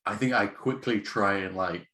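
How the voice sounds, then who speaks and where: A man playing in a tabletop role-playing game, thinking out loud hesitantly about his move. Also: on the low side, moderate pace. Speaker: player. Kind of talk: casual chat.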